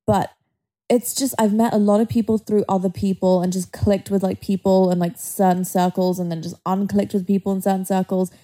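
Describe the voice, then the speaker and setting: Blunt young woman with a mellow voice. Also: medium pitch, flat delivery, a little fast. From Dubai. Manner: blunt, frank, casual swearing. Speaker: podcast co-host. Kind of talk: casual chat.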